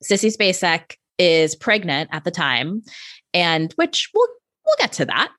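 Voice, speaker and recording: Low-voiced woman, wry podcast co-host. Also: wildly swooping pitch, unhurried, a bit bright, no room sound, studio quality. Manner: wry, self-mocking, summarizes plots. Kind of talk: casual chat.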